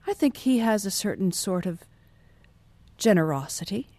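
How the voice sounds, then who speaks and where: A woman voicing a gentle, guarded young lady who speaks softly and hesitantly. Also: medium pitch, animated, normal speed, no echo, natural voice. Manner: soft, pleading, hesitant.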